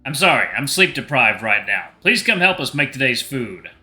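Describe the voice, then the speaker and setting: A man's voice: medium pitch, big pitch swings, moderate pace, bright, forceful tone, faint music behind. A man voicing a tired, curt young cook from a visual novel. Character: sleep-deprived young cook, Lars.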